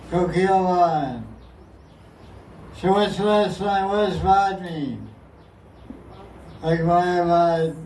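A man's voice: high voice, drawn-out words, long pauses, a little mellow, slight background noise. A man teaching a group in a casual, playful way, often laughing and mimicking sounds as he goes. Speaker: teacher explaining verses. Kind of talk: casual class talk. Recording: echoey room, from far off.

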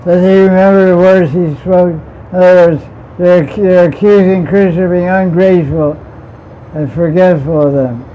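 A man with a high, steady voice teaches a scripture class at a moderate pace, keeping things playful. He laughs often and puts questions to his students. The recording is dull and lo-fi, with faint vehicle noise in the background.

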